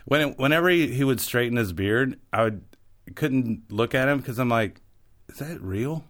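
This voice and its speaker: A man's voice: medium pitch, moderate pace, a bit bright. A man, a stand-up comic, co-hosting a casual podcast with dry, understated storytelling. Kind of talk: casual comedy podcast chat.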